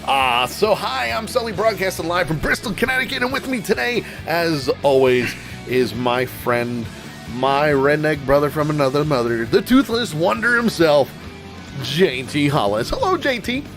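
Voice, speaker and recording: A man's voice: on the high side, big pitch swings, normal speed, over music. A man hosting a live-streamed comedy show, hamming it up with silly put-on voices. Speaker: podcast host.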